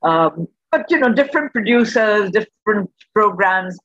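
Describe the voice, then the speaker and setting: A man with a high voice recalls his broadcasting days in a reflective way. He speaks as a panelist, and the audio is dull and lo-fi. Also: lively intonation, moderate pace, fairly bright tone. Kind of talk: podcast panel discussion.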